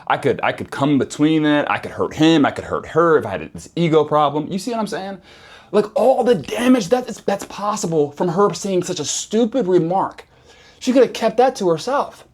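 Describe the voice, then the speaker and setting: A man speaks straight to camera in a relaxed, slang-heavy storytelling voice. His pitch jumps around a lot as he gets worked up, and he keeps circling back to repeat his points. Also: normal speed. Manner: animated, slangy, repeats phrases for emphasis. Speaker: vlogger. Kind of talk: casual storytelling monologue.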